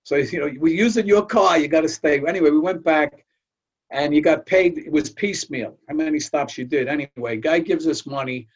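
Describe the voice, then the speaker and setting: A man's voice: on the high side, fairly even intonation, a little fast. An older man hosting a talk, telling folksy anecdotes and often repeating words as he goes. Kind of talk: storytelling chat. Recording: dull lo-fi audio.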